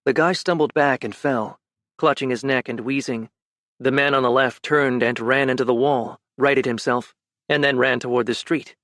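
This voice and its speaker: A male audiobook narrator with a middle-range voice tells the story in a measured, even way. The sound is dry and close-miked with no room around it. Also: medium pitch, dry recording.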